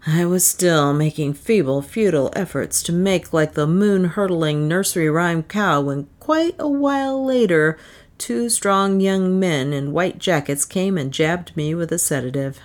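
A woman reading a short story aloud with an expressive delivery, and then commenting on it casually. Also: lowish voice, a little slow. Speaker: story reader.

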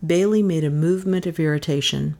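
Woman, audiobook narrator, dramatic expressive reading, lower pitch. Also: a little fast. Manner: expressive, rising pitch at tense moments.

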